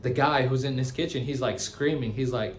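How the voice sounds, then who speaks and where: An American tattoo shop owner in his twenties tells stories from his shop in a casual vlog, talking briskly in a loose, slangy, animated way and saying "bro" and "guys" a lot. His voice is at an ordinary middle pitch, with a faint hum behind him.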